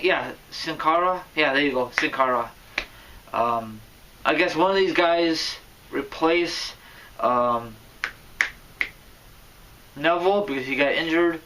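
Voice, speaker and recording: A man giving casual wrestling vlog commentary, rambling and correcting himself, with sudden loud bursts. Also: on the high side, distant mic, slight background noise, rough recording. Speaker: wrestling vlogger.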